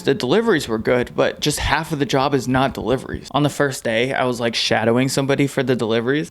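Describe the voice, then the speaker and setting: Laid-back young man telling a funny story. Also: mid-range voice. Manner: laid-back, deadpan, full of "like" fillers. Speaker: vlogger. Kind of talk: casual comedic storytime.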